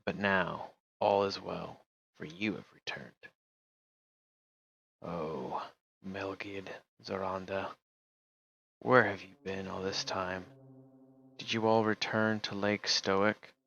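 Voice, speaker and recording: Wavering old male knight in despair, put on by a man, low, hushed, lo-fi audio. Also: steady tone, slow pace, creaky, pauses often, exaggerated voice. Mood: mournful. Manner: wavering, mournful, rambling. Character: frail, guilt-ridden old man, a former dragoon.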